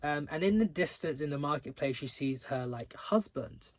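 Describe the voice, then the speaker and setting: A man's voice: fairly high pitch, expressive, moderate pace. A young man reviewing books in a casual video, full of filler words and restarts, with exasperated, dramatic outbursts. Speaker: book reviewer.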